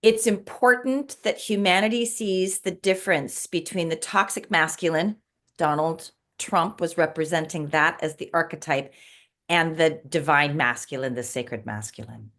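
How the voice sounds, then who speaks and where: A woman's voice: deep voice, moderate pace, a bit bright. A middle-aged woman in casual conversation, earnestly recounting a spiritual dream with emotion and many restarts.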